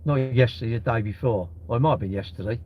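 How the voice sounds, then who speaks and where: A man's voice: medium pitch, fast talker. A middle-aged man, rambling and swearing freely in casual live-stream chat. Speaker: livestreamer. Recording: dull, lo-fi live-stream audio.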